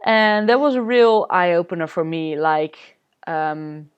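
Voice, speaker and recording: A woman from the Netherlands, a spiritual coach, telling a personal story in a candid vlog, halting with many fillers. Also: fairly low pitch, expressive, smooth, dull audio. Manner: candid, confessional.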